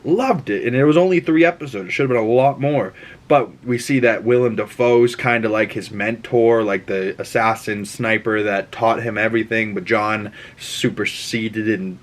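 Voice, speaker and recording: A young man giving a casual movie review, rambling and excitable, with plenty of cursing. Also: on the low side.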